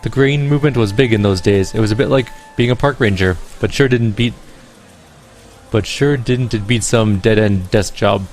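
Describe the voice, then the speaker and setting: A man's voice: lowish voice, moderate pace, darkish tone, faint music behind, lightly acted. Brash Irish woman, as a man puts her on. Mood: chatty. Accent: put-on Irish. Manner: brash, slangy, swearing.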